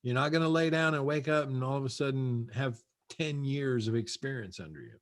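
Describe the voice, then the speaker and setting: Speaking a little fast in a mid-range voice, a man talks over a video call from his own house. He's a guest real estate coach delivering a punchy, repetitive motivational talk.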